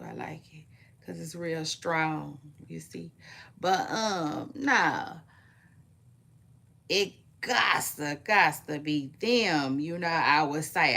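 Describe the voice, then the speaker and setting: A woman hosting a casual celebrity gossip vlog, chatting to her viewers in a playful, drawn-out way with frequent asides. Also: low-pitched, gravelly, a bit bright. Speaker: vlog host.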